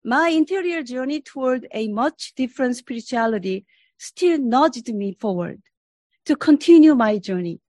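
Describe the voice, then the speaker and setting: Earnest woman, professor at a lectern, deliberate reflective delivery, dry room. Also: sits high, expressive, warm tone, no echo. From Korea. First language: Korean. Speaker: professor giving a presentation. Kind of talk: formal spiritual presentation.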